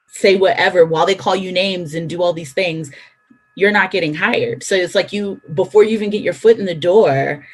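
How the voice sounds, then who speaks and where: A woman speaking as a panelist in a casual discussion, frank and animated, acting out what others said. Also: on the low side.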